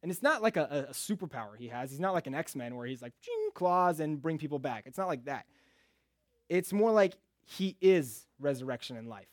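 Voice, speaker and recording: A man preaching a casual, joking sermon in a relaxed conversational way. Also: medium pitch, fairly quick, no echo, studio quality.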